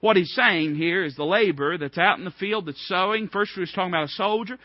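Emphatic preacher, high voice. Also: male voice, fast talker, dry recording. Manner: emphatic, rising in bursts of repeated phrases. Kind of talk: sermon. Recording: dull, dry lo-fi recording.

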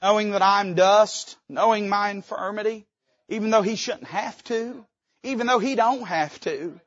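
A man's voice: high voice, a little slow, no room sound, highs cut off. A man preaching a fervent, folksy sermon from a church pulpit, his volume swelling and dropping suddenly. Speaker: pastor.

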